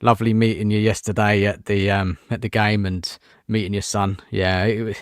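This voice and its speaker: A man's voice: fairly low pitch, little pitch movement, normal speed, smooth, no echo, studio quality. A man hosting a casual football fan live show, chatty and greeting viewers, saying "mate" often. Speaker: host.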